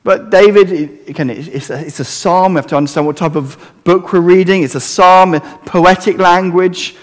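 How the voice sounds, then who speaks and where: A man's voice: high-pitched, normal speed. Earnest preacher man in a reverberant hall. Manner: earnest, conversational preaching with rhetorical questions. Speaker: pastor. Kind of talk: sermon.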